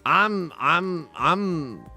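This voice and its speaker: Brief: young male streamer, first language Mandarin, casual rambling game commentary, animated and gravelly. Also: a little high, drawn-out words, soft background music. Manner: rambling, self-deprecating, chatting with viewers. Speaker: livestreamer playing online mahjong.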